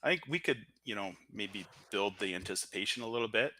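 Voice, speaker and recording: A man with a Canadian accent hosts a live-streamed lottery draw, chatty and joking, thinking aloud with fillers in upbeat commentary. His fairly low voice is bright and forceful with lively intonation and a slightly fast pace, picked up on an audio-only stream mic with slight background noise.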